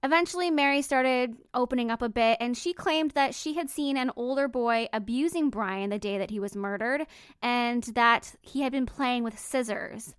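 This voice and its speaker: A woman hosting a podcast, telling a true-crime story in a calm, measured, matter-of-fact reading. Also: on the high side, clear, resonant tone, no echo, clean studio sound. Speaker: podcast host.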